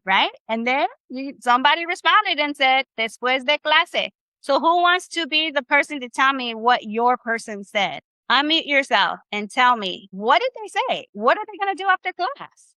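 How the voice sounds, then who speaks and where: A woman's voice: a little high, lively intonation, normal speed, pushed and bright, no room sound. A woman teaching a live online Spanish class over a video call. She is upbeat and encouraging, and she mixes casual slang into her teaching.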